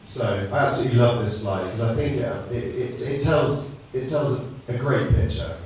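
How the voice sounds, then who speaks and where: A man's voice: mid-range voice, moderate pace, slight background noise. A man co-presenting at a conference, speaking earnestly and repeating himself as he gets his sentences going. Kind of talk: conference talk. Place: conference hall. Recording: echoey hall, picked up from far off.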